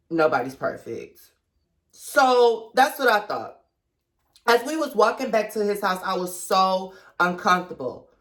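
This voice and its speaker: A young woman vlogger telling a storytime in a chatty, confiding way, retelling events dramatically and calling her viewers girl and baby. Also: low voice. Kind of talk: storytime vlog.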